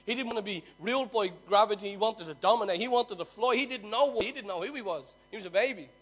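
High-voiced man telling a parable. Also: fast, husky, soft background music. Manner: swings from loud emphasis to near-hushed telling. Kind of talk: sermon storytelling.

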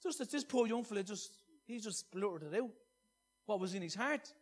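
Male preacher with a high voice, earnest, shifting from loud emphasis to hushed scripture. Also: animated, moderate pace, slightly rough. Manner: earnest, swinging between loud emphasis and soft hushed reading. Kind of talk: sermon.

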